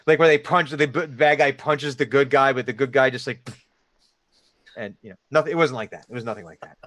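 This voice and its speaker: A man's voice: mid-range voice, fairly quick, fairly bright tone, dry recording. A man running a tabletop game as dungeon master, with a Delaware Valley accent, rambling with frequent restarts and laughs.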